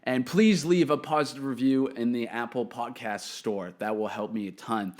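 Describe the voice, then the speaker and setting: A man's voice: mid-range voice, moderate pace. A man hosting his own comedy podcast alone, delivering a profane, opinionated monologue into a podcast microphone. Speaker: podcast host.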